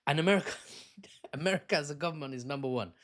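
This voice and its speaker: A man's voice: on the high side, fast talker. A man giving a casual, rambling news commentary, cracking jokes and laughing at his own asides.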